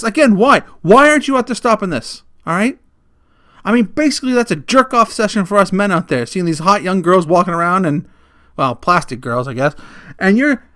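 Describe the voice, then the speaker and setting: A middle-aged man hosts his own comedic rant podcast, blunt and heavy on profanity. His voice sits high for a man, and he often laughs at his own jokes. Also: bright, forceful tone. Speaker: podcast host.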